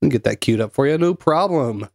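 A man with a North Carolina accent co-hosting a stream, relaxed and laughing as he curses. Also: mid-range voice, quick pace, gravelly, no room sound, clean studio sound. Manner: laid-back, laughing, cursing. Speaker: co-host. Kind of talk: casual chat on a live stream.

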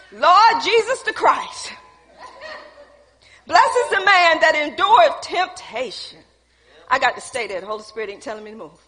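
A woman preaches a lively sermon, laughing and calling out to the people in front of her. Her voice sits very high and bright. A long reverb from the church hall trails behind her words. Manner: calls out to the congregation, laughing, playful.

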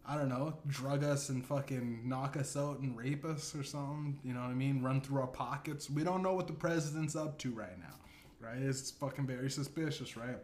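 A man's voice: mid-range voice, a little mellow. A man hosting a comedy podcast, telling an absurd story in a rambling, profane way, full of "you know what I'm saying.". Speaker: podcast host. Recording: echoey room with faint ambience.

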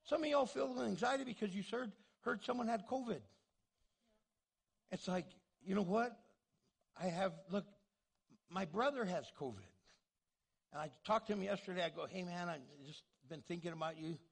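A man pastor preaching a sermon in an animated way, acting out the voices he quotes. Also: high-pitched, normal speed, creaky, long pauses, slightly rough.

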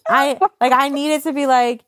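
A young adult woman co-hosting a casual podcast chat, telling lively stories and acting out the dialogue. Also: high-pitched, moderate pace. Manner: animated storyteller, acts out dialogue. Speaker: podcast co-host.

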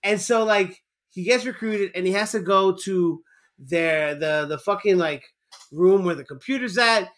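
Brief: excitable male co-host, high and bright, laughs and swears through his film recaps. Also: measured pace. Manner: excitable, laughing, profane storytelling. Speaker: podcast co-host. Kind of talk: casual chat recapping a film.

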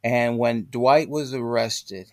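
A man's voice: medium pitch, slow pace, no echo, studio quality. An older man, a guest in an interview, telling stories animatedly and acting out the voices he quotes. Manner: animated storyteller who acts out quoted voices. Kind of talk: storytelling in a podcast interview.

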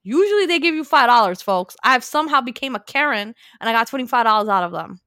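A woman telling a story in casual chat, animated and acting out both sides. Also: fairly high pitch, fast, dry recording, clean studio sound. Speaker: podcast co-host.

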